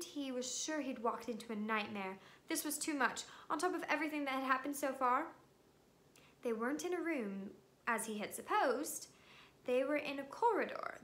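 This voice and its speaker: Bright high-voiced woman reading aloud. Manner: lively expressive storytelling. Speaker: reader. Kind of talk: reading a novel aloud to students.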